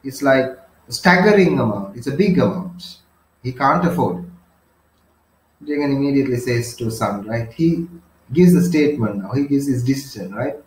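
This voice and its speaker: A man's voice: mid-range voice, expressive, moderate pace, echoey room, low-quality recording. A man teaching a novel in a lecture, paraphrasing it, defining words and often checking in with 'right?'.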